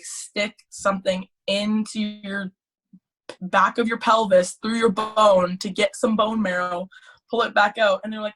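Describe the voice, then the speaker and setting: Chatty teenage girl telling a story. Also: medium pitch. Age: teens. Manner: chatty, animated storytelling with many "like"s. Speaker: guest. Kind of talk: casual chat.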